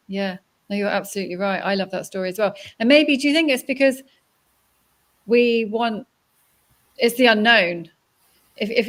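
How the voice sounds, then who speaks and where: A woman's voice: mid-range voice, a bit bright. A woman hosting a conversational interview, chatty and reflective. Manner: chatty, reflective, laughs easily. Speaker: podcast host.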